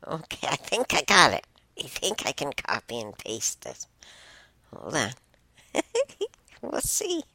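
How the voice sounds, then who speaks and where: A woman's voice: rumbling low, wildly swooping pitch, vocal fry, pushed and bright, slightly rough, no room sound. A woman reading posts aloud and commenting casually, emotional and exclamatory, sighing and stumbling over her laptop. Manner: emotional, exclaims and sighs, reads aloud haltingly.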